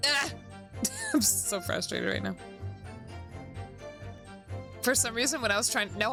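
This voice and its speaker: A woman's voice: on the high side, big pitch swings, slow pace, vocal fry, pauses often. A young adult woman chatting casually and swearing freely while streaming a game, over background music.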